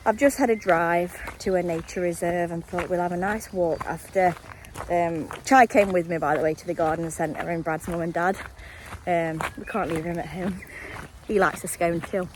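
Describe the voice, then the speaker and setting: Young woman vlogger, lowish voice, breathless walk-and-talk, faint outdoor ambience. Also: slight background noise, low-quality recording. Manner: rambling, friendly, talks to viewers directly. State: slightly out of breath. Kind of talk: casual chatty vlog while walking.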